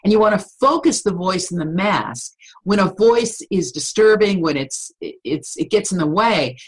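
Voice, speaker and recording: Woman, voice coach, husky tone, fairly low voice, energetic, demonstrative. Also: moderate pace, poor audio. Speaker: voice coach guest. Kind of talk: podcast interview.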